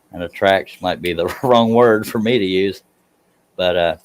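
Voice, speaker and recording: Low, soothing-voiced man chatting on a live stream. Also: slow pace, clean tone. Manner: relaxed, self-deprecating, chuckling asides. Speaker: scroll saw woodworking live streamer. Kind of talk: casual live-stream chat while working.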